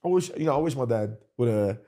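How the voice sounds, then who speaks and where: A man's voice: mid-range voice, expressive, a little fast, warm tone. A man hosting a sports podcast, talking casually and animatedly, often repeating himself and restarting sentences. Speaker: podcast host, former basketball player.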